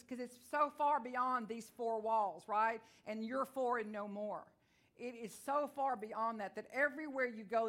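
Woman preacher, texan twang, folksy and animated, fairly high voice, middle-aged. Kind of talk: sermon.

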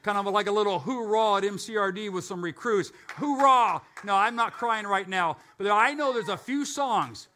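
A man's voice: sits high, normal speed, few pauses, bright, forceful tone, slight background noise. An older man preaching a conversational sermon as pastor, often asking and answering his own questions.

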